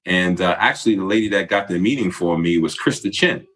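A man's voice: deep voice, a little fast. A man, a former basketball player candidly telling a story in casual chat. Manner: relaxed, candid storyteller, acts out quoted voices.

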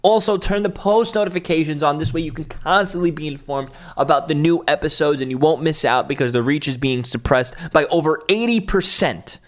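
A man's voice: fairly high pitch, a little fast, few pauses. A man hosting a political commentary show, talking in a blunt, scornful and mocking way over clips.

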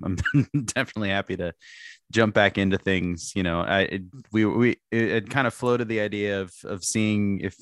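A young man with a very low, deep voice talks football on a podcast, his words tumbling out in restarts and bursts of laughter. The sound is close and dry, with no room around it. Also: no echo. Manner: animated, restarts often, laughs while talking. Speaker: podcast co-host. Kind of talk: casual sports chat.

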